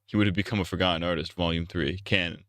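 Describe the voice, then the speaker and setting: A male streamer rants in a loose, profane, blunt ramble, often restarting his sentences. His voice is low and clean, recorded close and dry on a streaming mic. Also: fairly even intonation, quick pace, fairly bright tone, dry recording. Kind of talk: casual live-stream rant.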